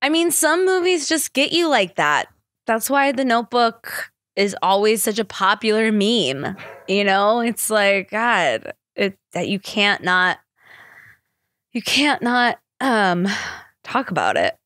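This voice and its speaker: A woman's voice: mid-range voice, animated, slow pace, fairly bright tone, dry recording, studio quality. A woman hosting a podcast in a casual, rambling chat, often breaking into laughter. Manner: rambling, chatty, laughs easily. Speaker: podcast host.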